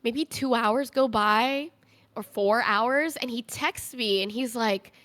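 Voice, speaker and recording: Young woman telling a personal story, higher voice. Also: takes it slowly, fairly bright tone. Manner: conversational, frequent "like" fillers. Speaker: podcast guest, streamer.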